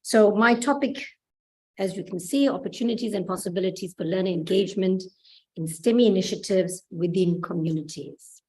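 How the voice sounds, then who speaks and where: A woman's voice: mid-range voice, normal speed, darkish tone, rough recording. A South African woman giving a conference presentation as a provincial coordinator, earnest, asking the audience rhetorical questions.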